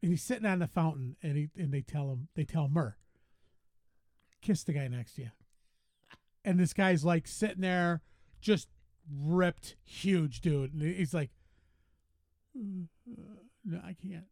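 A man co-hosting a casual podcast, telling stories with lively quoted voices. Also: on the high side, a little slow, long pauses, no room sound, clean studio sound. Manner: animated storytelling, voices rising when quoting. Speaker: podcast co-host. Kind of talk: casual chat.

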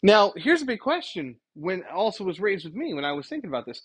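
A man's voice: high-pitched, very animated, brisk, hardly any pauses, husky. A man giving an informal preaching monologue, rambling and correcting himself as he retells scenes and quotes scripture. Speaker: Christian commentator.

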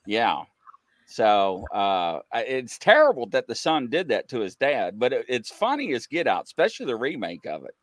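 A man hosting a casual chat show, telling funny stories with sudden loud outbursts. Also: mid-range voice, moderate pace, no room sound. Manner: animated, laughing storyteller with sudden loud outbursts. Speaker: host.

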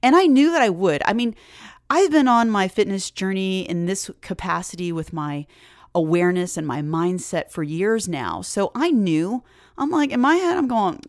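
A woman's voice: medium pitch, moderate pace, dry recording, studio quality. A woman hosting a fitness podcast, talking casually and encouragingly with lots of fillers. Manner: chatty, animated, encouraging, many fillers. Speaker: podcast host. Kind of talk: casual solo podcast talk.

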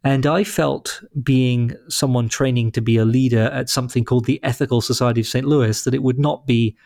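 A man in his thirties with an English accent, answering interview questions in a thoughtful, articulate, measured way. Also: medium pitch, steady tone, creaky, darkish tone, no room sound, clean studio sound. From London, England. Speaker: leader of a humanist congregation.

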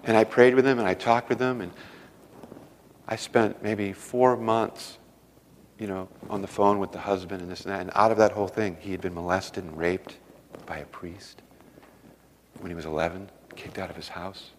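A man preaching a sermon, telling personal stories earnestly, going from loud emphasis down to a hushed voice. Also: deep voice, steady tone, moderate pace, big-room sound, slight background noise. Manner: earnest storytelling, swings from loud emphasis to hushed near-whisper. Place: church service hall.

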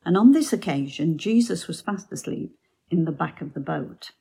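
A woman giving a devotional Bible talk, telling the story slowly and sinking to soft near-whispers. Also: low voice, animated, creaky, breathy edge, rough recording. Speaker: Bible teacher.

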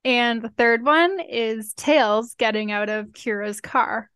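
A woman's voice: fairly high pitch, slow pace, fairly bright tone, clean tone, dry recording. A woman chatting casually about a book, reacting and adding her own takes. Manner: chatty, reacts with laughs and comments. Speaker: book discussion co-host. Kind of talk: casual chat.

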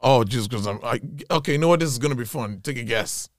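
A man's voice: mid-range voice, lively intonation, fast talker, no room sound, clean studio sound. A man, a guest telling rambling, laughing stories in a casual chat. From Ireland. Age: 30s. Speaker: podcast guest.

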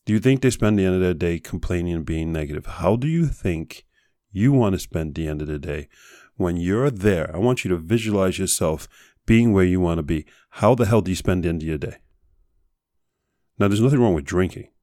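A man hosting a podcast, giving a blunt motivational talk full of rapid rhetorical questions and profanity. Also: sits low, lively intonation, warm tone, dry recording, clean studio sound. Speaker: podcast host. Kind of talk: motivational monologue.

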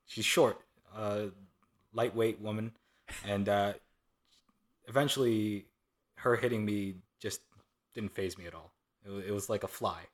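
A young adult man, a guest in a casual interview, speaking hesitantly with many pauses and fillers. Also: lowish voice.

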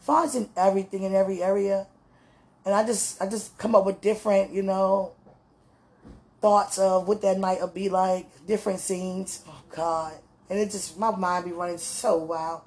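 A woman, talking warmly and laughing as she gushes to her fiancé in a casual, heartfelt message. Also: medium pitch, steady tone, normal speed. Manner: affectionate, laughing, gushing, religious.

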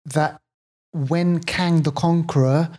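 A man's voice: fairly high pitch, steady tone, slow, dark tone. A man from England co-hosting a film podcast, talking in a rambling way with many fillers and restarts. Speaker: podcast co-host. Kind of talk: casual film review chat.

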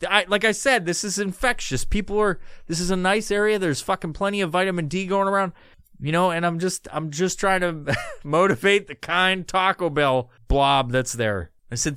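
A man's voice: high-pitched, normal speed, sharp tone, clear, resonant tone, no room sound, clean studio sound. A man hosting a podcast and telling a story as a profane comedy rant, swearing constantly and jumping into indignant outbursts. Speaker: podcast host.

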